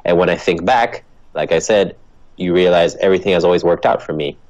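A man's voice: low-pitched, brisk, a little mellow, no room sound, muffled recording. A man with a transatlantic accent, a guest giving earnest motivational answers in an interview and laughing easily. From Ethiopia. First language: Dutch. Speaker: guest, actor and comedian.

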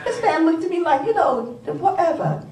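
Older woman poet from New York, lively storyteller, laughs a lot; distant mic in an echoey hall, faint room hum. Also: extremely high pitch, a little fast. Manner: animated, laughs often, repeats phrases for emphasis. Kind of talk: live storytelling talk to an audience. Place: conference hall. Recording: roomy, from far off, faint ambience.

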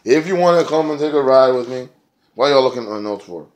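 Man, sick and snotty, casual wrestling review vlog, profane, rambling, filler-heavy, mid-pitched voice. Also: animated, quick pace.

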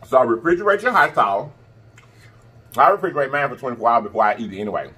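A man's voice: medium pitch, expressive, fast talker, bright, forceful tone, a little hiss or hum. A man vlogger talking casually to camera, chatty and repeating himself for emphasis. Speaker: mukbang vlogger.

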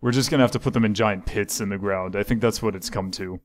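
A man's voice: on the low side, quick pace. A man hosting a casual let's-play, talking in an exasperated, scolding way while rambling about his game. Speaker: gaming channel host.

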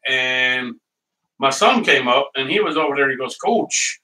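A man's voice: medium pitch, animated, moderate pace, pushed and bright. A middle-aged man hosting a cooking show from his kitchen, chatting casually and telling rambling stories with frequent laughs. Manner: rambling storyteller, laughs often. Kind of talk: casual chat while cooking. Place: home kitchen. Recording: voice heard from a distance.

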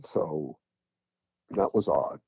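A man's voice: extremely low pitch, very slow, vocal fry, slightly rough, dry recording. A middle-aged man from Tennessee with a Southern accent, casually recounting a story and repeating "I said" and "he said" as he rambles on. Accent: Southern American. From Tennessee, USA. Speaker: guest recounting encounters. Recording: dull, dry lo-fi audio.

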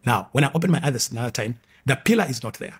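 Husky-voiced African man telling a testimony. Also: medium pitch, animated, quick pace. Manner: emphatic, repeats key phrases. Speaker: guest sharing a testimony. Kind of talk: conversational testimony storytelling.

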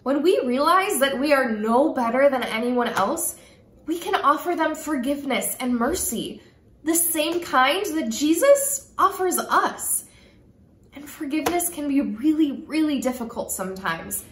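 A woman hosting a children's story time, reading a storybook expressively and then teaching gently. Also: sits high, very animated, unhurried, slight background noise. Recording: echoey room.

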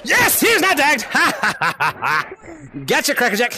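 Male VR streamer, very high and lively, shouty and hyped, laughs a lot, headset mic at home. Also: moderate pace, slight background noise. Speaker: VR game streamer and lobby host. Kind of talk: excited live gameplay commentary. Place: at home playing in VR.

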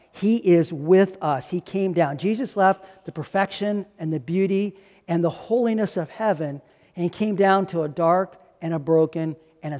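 A man's voice: sits high, darkish tone, big-room sound. A male pastor preaching a sermon, asking rhetorical questions and repeating key lines for emphasis.

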